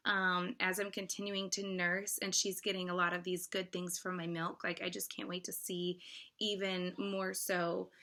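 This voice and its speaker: A woman's voice: on the low side, flat delivery, moderate pace, bright, forceful tone. A woman in her thirties talking to her viewers in a casual vlog, effusive and emotional, with lots of fillers and restarts. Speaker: vlogger.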